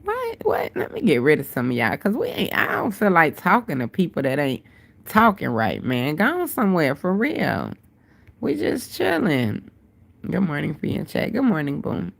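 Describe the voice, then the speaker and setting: Low gravelly woman, stuffed-up nose, aave, just chatting with her live chat. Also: wildly swooping pitch, normal speed. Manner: chatty, addresses viewers as "y'all" and "baby". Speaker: livestream host. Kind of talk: casual livestream chat.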